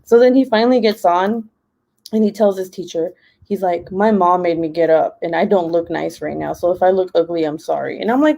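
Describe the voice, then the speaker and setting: A young woman chatting casually on a home live stream, full of "like" fillers and quick laughs. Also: fairly low pitch, gravelly, mellow. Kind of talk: casual chat while crafting. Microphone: laptop.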